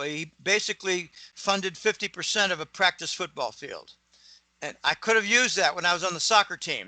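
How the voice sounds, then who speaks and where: Rambling, opinionated middle-aged man, bright voice. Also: high-pitched, no room sound, low-quality recording. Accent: General American, lost his Pittsburgh accent. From Pittsburgh, USA. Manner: rambling, opinionated, digressive, clears throat often. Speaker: guest commentator. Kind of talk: casual interview monologue.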